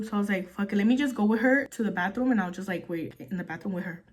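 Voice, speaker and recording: A woman's voice: medium pitch, fast talker. Chatty young woman vlogger. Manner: chatty, filler-heavy, swears casually. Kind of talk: casual storytelling while doing makeup.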